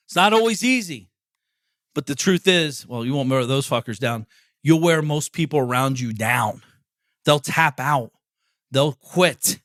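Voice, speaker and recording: A man's voice: fairly high pitch, sharp tone, no echo, clean studio sound. Blunt, profane motivational man. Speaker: podcast host. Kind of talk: motivational monologue.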